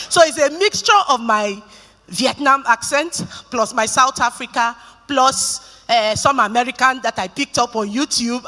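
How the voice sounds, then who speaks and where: A middle-aged Nigerian woman giving a keynote talk, telling stories and joking with the audience. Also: high-pitched. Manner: lively storytelling, joking with the audience. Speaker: conference speaker. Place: conference hall. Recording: reverberant conference hall.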